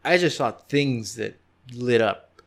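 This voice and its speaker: A man's voice: mid-range voice, lively intonation, takes it slowly, gravelly. A young man talking openly and easily as a guest on a casual podcast. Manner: open, easygoing storytelling. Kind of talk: casual chat.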